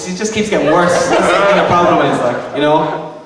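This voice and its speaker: A man's voice: a little high, fairly quick, a loud crowd. Self-mocking man lecturing in an echoey hall. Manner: hesitant, self-mocking, many ums and restarts. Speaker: comic lecturer. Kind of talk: stand-up style comic lecture. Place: arts centre venue with live audience. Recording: echoey hall recorded from far off, noisy.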